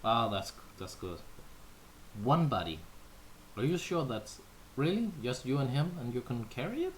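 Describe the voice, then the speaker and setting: Here a native Danish-speaking man from Denmark answers viewers during a livestream, chatting loosely, playfully, and with plenty of fillers. His mid-range voice swings widely in pitch, and his delivery is unhurried. Some slight background noise can be heard.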